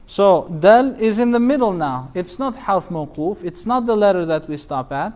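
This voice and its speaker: A male imam with a high, clear, resonant voice leads a recitation class. He explains each rule patiently, repeats the verses, and asks his students for examples. He often slips into a melodic chant. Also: expressive, moderate pace, a little mellow. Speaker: imam teaching Quran recitation. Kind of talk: classroom teaching.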